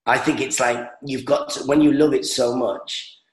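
A stand-up comedian rambles through his stories in a casual chat, full of fillers and restarts. His voice sits at an ordinary pitch and rings in an echoey room. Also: steady tone, normal speed. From England.

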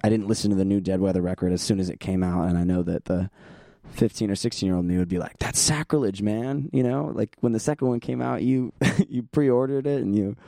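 A young man hosting a casual solo podcast, hoarse and tired, rambling along in a self-deprecating way and laughing often. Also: quick pace, dark tone, no echo, studio quality. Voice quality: gravelly, sandpapery. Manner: low energy, tired. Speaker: podcast host.

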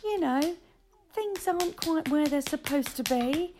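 A woman co-hosting a podcast, chatting excitedly and laughing often. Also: high voice, a little slow, noisy background. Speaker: podcast co-host. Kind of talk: casual chat. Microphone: earphones in.

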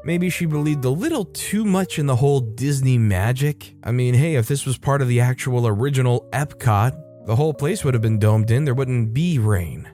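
A man's voice: medium pitch, moderate pace, few pauses, warm tone, soft background music. A man narrating Reddit stories aloud with wry, conversational asides. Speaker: storytime narrator.

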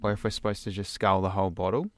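A man's voice: sits low, fairly even intonation, fast, no echo. A man co-hosting a podcast in casual chat, laid-back, laughing often and trailing off mid-sentence. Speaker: podcast co-host.

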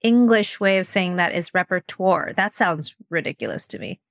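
A woman's voice: mid-range voice, normal speed, no room sound. Teasing woman co-host, close dry voice. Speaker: podcast co-host. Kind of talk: casual chat.

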